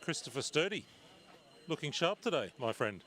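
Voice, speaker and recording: A man working as a pit reporter, asking brisk, friendly questions at trackside. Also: fairly high pitch, sing-song, a bit bright. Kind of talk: trackside interviewing.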